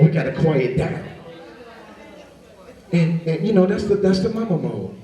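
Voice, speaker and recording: A young man doing a stand-up comedy set, telling stories with animated delivery and popping into high voices for his younger self. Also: fairly quick. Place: comedy stage before a laughing audience. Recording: roomy live sound from a distant mic. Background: audience laughter.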